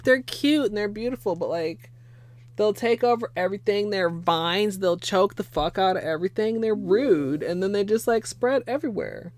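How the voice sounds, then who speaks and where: A young woman with a fairly low, darkish voice hangs out on a livestream while painting her nails. She's chatty and foul-mouthed, laughs frequently, and thanks viewers.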